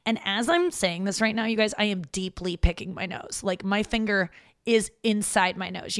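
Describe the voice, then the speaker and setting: Rambling, gravelly-voiced woman comic. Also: medium pitch, moderate pace, dry recording, clean studio sound. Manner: rambling, self-mocking and profane. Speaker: stand-up comic and podcast host. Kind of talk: casual solo podcast monologue. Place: room in her parents' home.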